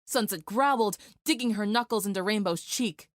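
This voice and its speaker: Lady narrating a fight scene story, dead dry mic, mid pitch. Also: normal speed, no echo. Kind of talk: dramatic fan fiction reading.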